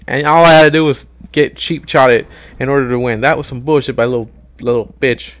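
A young man giving casual gameplay commentary as a YouTuber, excitable, swearing and yelling at the game. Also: mid-range voice, brisk. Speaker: gaming YouTuber.

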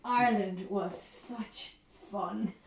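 An actress playing a lively Spanish woman who has moved to Ireland, with a Spanish accent, telling her story in a one-woman theatre monologue with lots of playful laughter. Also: medium pitch, slow pace, vocal fry, recorded from a distance, slight background noise. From Spain. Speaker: stage performer. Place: theatre stage. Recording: roomy stage sound from afar, faint music.

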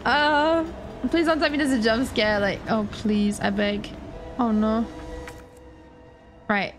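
A woman streamer commenting on a horror game, excitable, giggling and shrieking when scared, with game sounds behind. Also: high-pitched. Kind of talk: live gaming commentary. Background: game music and sounds.

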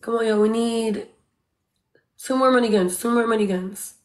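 A woman with a bright, higher-pitched voice chatters casually on a live stream. She keeps hyping her viewers, urging them to send more gifts and thanking each one by name. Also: normal speed. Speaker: livestreamer.

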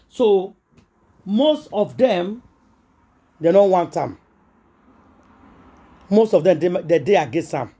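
A woman's voice: fairly low pitch, lively intonation, slow, pauses often, mellow, slightly rough. A Nigerian woman hosting a gossip vlog, talking in an emphatic, repetitive, preachy way and mixing in Pidgin. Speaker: gossip vlogger. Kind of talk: casual celebrity gossip commentary.

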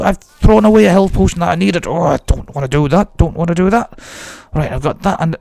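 A man's voice: sits high, brisk, creaky, darkish tone, no echo. A man giving chatty, jokey commentary as he plays a game and talks to himself. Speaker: let's play host. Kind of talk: casual gameplay commentary.

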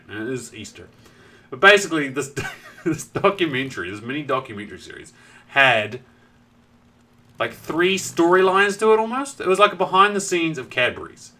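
A young man with a thick southern New Zealand accent chats on a live game stream, drifting off his story to greet viewers and swearing casually. His voice is bright and lively, and his pitch sits at an ordinary middle height. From South Island, New Zealand. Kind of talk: casual live-stream chat while gaming.

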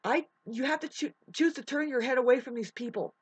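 A woman's voice: sits high, a little fast, slightly rough. A woman delivering a heated, preachy vlog monologue, swearing often as she lectures her listeners. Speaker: vlogger. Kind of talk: profane ranting monologue.

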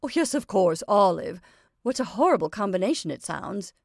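A woman's voice: medium pitch, big pitch swings, moderate pace, gravelly, no echo, clean studio sound. A woman reading a story aloud, voicing a fussy, scatterbrained middle-aged mother giving orders. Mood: bossy, flustered. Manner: scatterbrained, bossy, dreamy.

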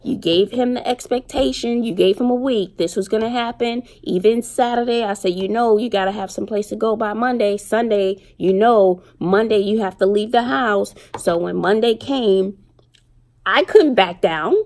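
A middle-aged woman and mother chatting casually to her viewers, telling stories with slang and animated retellings. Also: medium pitch, normal speed, hardly any pauses. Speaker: vlogger and single mother. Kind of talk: casual chat to camera.

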